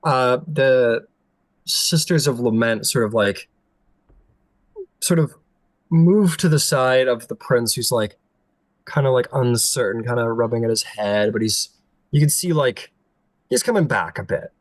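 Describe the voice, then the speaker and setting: A man's voice: medium pitch, expressive, measured pace, long pauses, no room sound, low-quality recording. A man narrating as game master in a loose, filler-heavy style.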